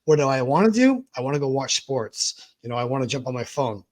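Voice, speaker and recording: A man's voice: medium pitch, very animated, a little fast, a little mellow. A man hosting a podcast, talking candidly and animatedly about his own mental health and acting out his inner dialogue. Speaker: podcast host.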